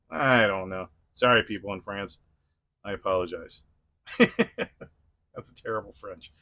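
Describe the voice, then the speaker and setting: A man's voice: lowish voice, big pitch swings, takes it slowly, long pauses, pushed and bright. A man hosting a casual toy unboxing review, rambling with frequent chuckles and restarts.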